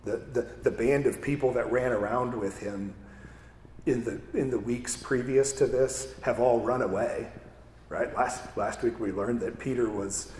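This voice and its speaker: A man's voice: mid-range voice, a little slow, darkish tone, a little hiss or hum. A man preaching a conversational sermon, often asking "right?" and restarting his words. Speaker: pastor. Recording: echoey hall with faint ambience.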